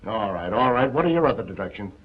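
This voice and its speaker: A man's voice: fairly low pitch, animated, fast talker, husky. An actor in a 1940s film playing an impatient, blustery male newspaper editor who talks in a brusque, dismissive way, on a dull lo-fi old soundtrack.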